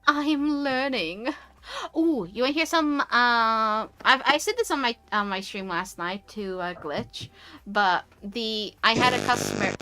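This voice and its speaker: A young woman with a posh English accent, chatting casually on a stream and ranting with animated energy. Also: fairly high pitch, unhurried, slight background noise. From United Kingdom. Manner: animated, ranty. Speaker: VTuber streamer. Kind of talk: casual chat.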